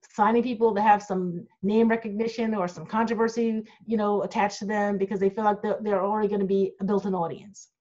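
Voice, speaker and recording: Blunt, outspoken middle-aged woman on a video call. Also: fairly high pitch. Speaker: group manager answering fan questions. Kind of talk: candid Q&A chat. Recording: dull lo-fi video call audio.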